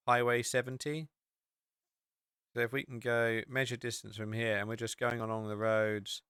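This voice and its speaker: A man's voice: lowish voice, pushed and bright, smooth, dry recording, studio quality. An English man hosting a podcast, chatting casually and rambling with many fillers while he walks through a map on screen. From England. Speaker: podcast host.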